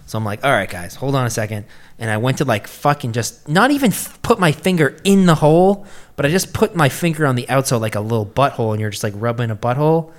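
Animated storytelling man, swearing freely. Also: medium pitch, fast. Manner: animated, swearing, acts out quotes in a raised voice. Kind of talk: casual storytelling chat.

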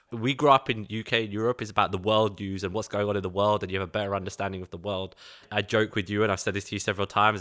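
Bright-voiced Cockney man. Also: on the low side. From East London, England. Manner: chatty, storytelling, laughs easily. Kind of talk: casual conversation.

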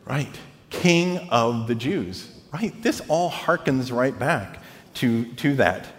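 A man preaching a sermon as pastor, animated, often checking in with the congregation by asking "right?". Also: medium pitch, slow, long reverb tail.

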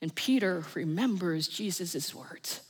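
A woman with a New Jersey accent preaching a Sunday sermon, telling the story with dramatic swings from loud to hushed. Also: fairly low pitch, lively intonation, measured pace, slightly rough. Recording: long church reverb.

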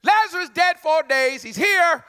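A male preacher delivering a sermon, conversational and emphatic, hollering at peaks and dropping into quick asides. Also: very high-pitched, lively intonation, bright, forceful tone.

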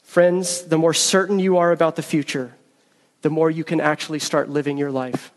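Earnest preacher with a slightly high voice. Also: male voice, level tone, moderate pace, long reverb tail. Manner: emphatic, earnest preaching with storytelling. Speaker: pastor. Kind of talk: sermon.

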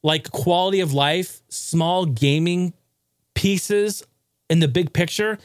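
A man's voice: high voice, takes it slowly, no room sound, studio quality. A man hosting a gaming show, ranting casually with profanity and jokes. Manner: profane, excitable, jokey.

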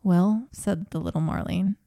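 This is a woman reading an old fairy tale aloud on a podcast, slipping into small voices for the characters. Her voice is low in brightness and mellow, with a gravelly fry. The sound is close and dry, with no room around it. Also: unhurried, no echo. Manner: reads the story aloud with brief acted quotes and frequent laughter. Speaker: podcast co-host.

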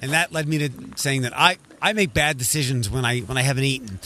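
A man hosting a radio show in the studio, running a silly game with playful teasing and quick restarts. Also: medium pitch, sharp tone.

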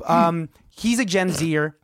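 A hoarse young man co-hosting a podcast, telling animated stories and mimicking other people in casual chat. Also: a little high, slow pace, no room sound, clean studio sound. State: hoarse voice from allergies. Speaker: podcast co-host.

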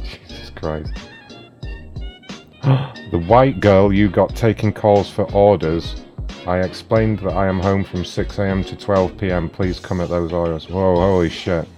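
A man's voice: sits low, fairly even intonation, a little slow, mellow, soft background music. A man hosting a prank call show, who plays a polite company caller and mutters profane, sarcastic insults between calls.

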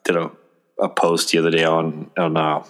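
A man's voice: a bass voice, little pitch movement, normal speed, fairly bright tone. A man hosting a podcast, joking bluntly with his guest and swearing freely. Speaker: podcast host. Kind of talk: casual chat.

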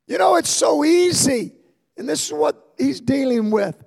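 An older man preaching a sermon as pastor, telling stories and building to fervent shouts. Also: extremely high pitch, expressive, measured pace, vocal fry. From Ohio, USA. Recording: long hall reverb.

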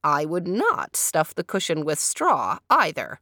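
A woman reading a storybook, giving a cheerful, thrifty old peasant woman plain, contented lines in her own lowish voice. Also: wildly swooping pitch, unhurried, bright, forceful tone, dry recording, clean studio sound, heavily acted.

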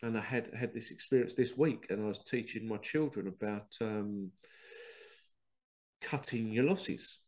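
A middle-aged man, talking in a casual, animated podcast monologue, laughing at himself and acting out remembered conversations. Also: fairly low pitch, measured pace. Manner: animated, self-laughing, quotes others in dialogue. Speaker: podcast host.

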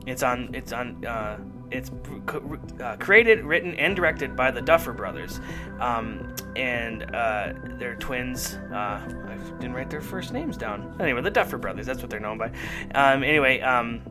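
Chatty podcast host man with music under. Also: mid-range voice. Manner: rambling, enthusiastic, lots of fillers. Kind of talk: casual chat.

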